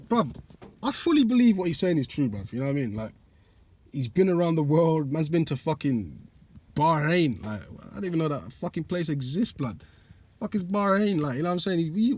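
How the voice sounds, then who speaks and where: Young guy reacting to a clip, swears a lot, voice jumps all over, bit husky and dry. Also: on the high side. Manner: blunt, swearing, slang-heavy, mocking. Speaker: reaction channel host. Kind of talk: casual reaction commentary.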